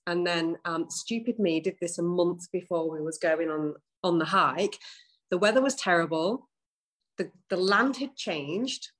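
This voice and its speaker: This is a middle-aged woman chatting casually as a host. She sounds bubbly and excitable and laughs often. Her voice sits a little low. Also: a little slow. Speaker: business owner and host. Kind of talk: casual chat.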